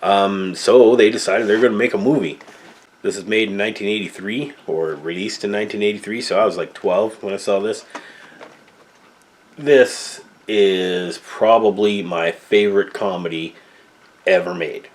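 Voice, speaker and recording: A man's voice: lowish voice, steady tone, normal speed, a little hiss or hum. A man in his fifties from Canada with a Canadian accent, rambling loosely through a casual movie talk, full of fillers and tag questions. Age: 50s. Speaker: movie reviewer.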